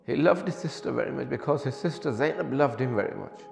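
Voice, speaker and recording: A gravelly-voiced man preaching with deep feeling, his pitch rising sharply and his pace slowing for emphasis. He sounds like he is in a large echoing hall with a long tail of reverb. Faint music plays underneath. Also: lively intonation. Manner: impassioned, voice climbing high on emotional quotes, slows for emphasis. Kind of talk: emotional sermon storytelling.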